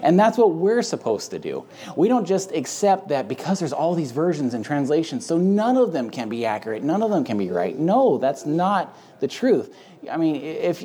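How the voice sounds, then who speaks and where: A man's voice: fairly high pitch, mellow, husky. A man hosting a casual Bible discussion who talks emphatically and conversationally, with frequent fillers. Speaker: host and Bible teacher. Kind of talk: casual teaching chat.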